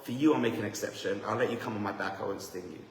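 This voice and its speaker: A man's voice: fairly low pitch, rapid-fire, distant mic, close to an everyday voice. A man voicing a sly scorpion in a fable, coaxing and falsely reassuring. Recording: echoey hall, faint noise.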